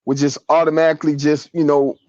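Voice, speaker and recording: Earnest man with a high voice. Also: level tone, fast, a little mellow, dry recording, lo-fi sound. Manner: earnest, rambling with restarts. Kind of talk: casual podcast chat.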